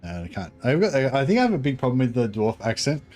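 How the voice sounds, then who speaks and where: A man's voice: mid-range voice, very animated, quick pace, darkish tone. A man hosting a gaming channel, giving offhand commentary as he plays, thinking aloud and swearing now and then. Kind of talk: casual gameplay commentary.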